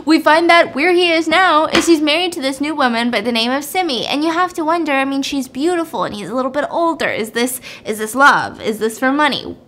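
A woman hosting a casual storytime, retelling a plot in a chatty, animated way with lots of filler words. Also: high-pitched, brisk, few pauses, a little hiss or hum. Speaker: storytelling host.

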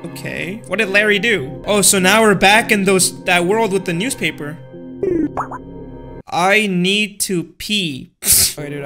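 A man giving joking, excitable let's-play commentary as he plays a game. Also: sits high. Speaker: gaming host. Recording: game music behind.

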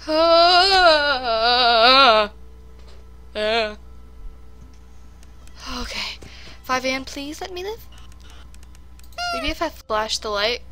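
A woman's voice: sits high, animated, very slow, pauses often, pushed and bright, slight background noise. A woman giving casual let's-play commentary on a horror game, jittery and talking straight to her viewers. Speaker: gaming commentator.

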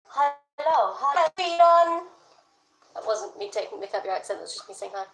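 A woman's voice: medium pitch, level tone, rapid-fire, gravelly, slight background noise. A young woman chatting playfully on a live stream, talking to her pets and her viewers. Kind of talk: casual live-stream chat. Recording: echoey room.

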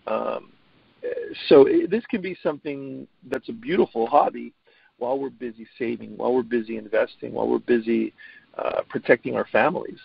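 A middle-aged man with a gravelly, husky voice, speaking earnestly and often stumbling over his opening words. The sound is dry and dull, like lo-fi audio. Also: mid-range voice, normal speed. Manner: earnest, repeats words when starting sentences. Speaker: guest. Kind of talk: casual interview talk.

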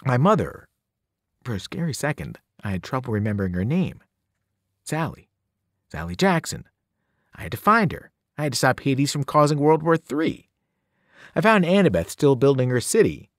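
A man, a teacher, reading a novel aloud with expressive storytelling. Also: normal speed, pauses often, no echo, studio quality. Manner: expressive storytelling, varied pitch. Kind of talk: audiobook read-aloud.

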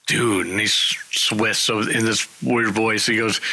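A man telling road stories in a casual interview, animated and acting out the people he quotes. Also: on the low side, unhurried, hardly any pauses, breathy edge, poor audio.

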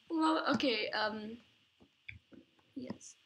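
A woman's voice: on the high side, extremely slow, gravelly, a bit bright, a little hiss or hum. A woman chatting casually while playing and recording an online game, giggling often and exclaiming when surprised. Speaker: gamer recording gameplay.

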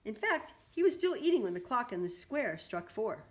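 Woman reading a kids picture book out loud, really animated, voice goes up and down a lot. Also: a little high, moderate pace. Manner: animated, with chatty asides. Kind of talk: children's picture-book read-aloud.

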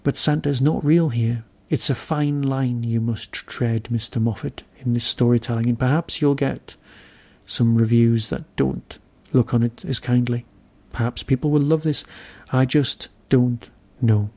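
A man from Britain hosts his own podcast, reviewing an episode alone. He muses aloud, wry and a little grumpy at himself. His voice sits at an ordinary middle pitch. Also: steady tone, unhurried, warm tone. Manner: wry, musing, self-deprecating grumbling. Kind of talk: solo review monologue.

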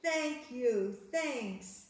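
A woman voicing a little green ogre who keeps asking for a broom, in slow, plain lines. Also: fairly high pitch, animated. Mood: gentle. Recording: echoey room, mic far off.

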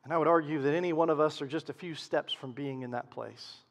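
A man preaching a sermon as pastor, swinging from loud emphasis to hushed, quiet lows. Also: quick pace, in a large hall.

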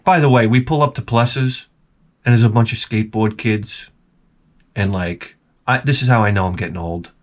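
A man's voice: fairly low pitch, normal speed. A middle-aged man vlogging, telling rambling, profane stories in a casual monologue. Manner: rambling, profane, animated storytelling.

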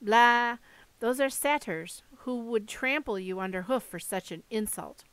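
A woman voicing a touchy, jittery young satyr boy, half goat, with a high nervous edge in an audiobook reading. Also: animated, moderate pace, no room sound, natural voice. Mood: indignant. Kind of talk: audiobook character voice.

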